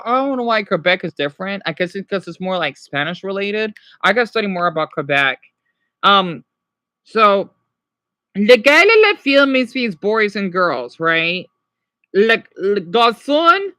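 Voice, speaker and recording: A man's voice: high-pitched, bright, forceful tone, no room sound. Man, livestream teacher, casual, rambling, self-correcting, dry close sound. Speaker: livestreamer teaching French words.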